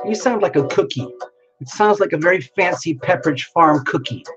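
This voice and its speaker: A fairly high-voiced man chats playfully with his viewers and laughs often as he hosts a live tarot stream. The sound is dull and lo-fi, with music playing clearly behind him. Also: lively intonation, brisk, a bit bright. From United States. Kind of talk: casual live-stream chat greeting viewers.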